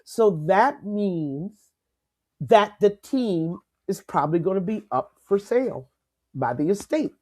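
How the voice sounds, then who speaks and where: An older woman co-hosting a casual sports talk show, lively and emphatic, laughing easily. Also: medium pitch, takes it slowly. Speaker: co-host.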